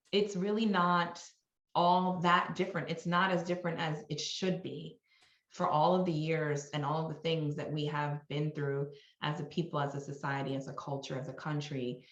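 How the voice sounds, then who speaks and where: A woman's voice: fairly low pitch, fairly bright tone, roomy sound, lo-fi sound. A woman from New York, a marketing executive, speaking as a guest in a podcast interview in a candid, conversational way with frequent restarts.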